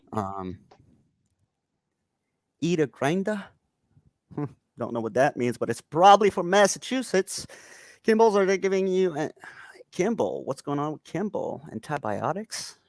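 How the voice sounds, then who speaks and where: A man's voice: medium pitch, no room sound. A Canadian man hosting a podcast from home, chatting casually, rambling and laughing often while reading out chat comments. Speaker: podcast host. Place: home room.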